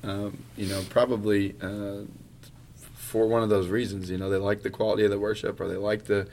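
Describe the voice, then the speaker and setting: A male pastor speaks earnestly in a casual conversation, stumbling and often repeating words as he thinks aloud. His voice is on the low side, brisk, level, and a little mellow, with slight background noise.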